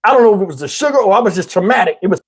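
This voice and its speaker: Husky, profane man from New Jersey. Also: high voice, racing. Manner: animated, profane, addresses listeners as y'all. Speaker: storyteller. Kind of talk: casual comic storytelling.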